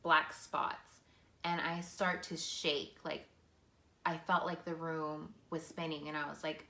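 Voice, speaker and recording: A woman's voice: fairly low pitch, measured pace, sharp tone, roomy sound. A woman vlogger telling a personal story in a casual, earnest way, full of "like" and "you know". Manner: casual, filler-heavy, earnest.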